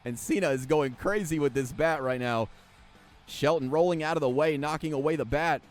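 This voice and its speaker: Soft background music plays as a man with a fairly high-pitched voice calls wrestling action in a video game at a moderate pace. He's sarcastic and swears freely, joking and laughing at the play-by-play he gives.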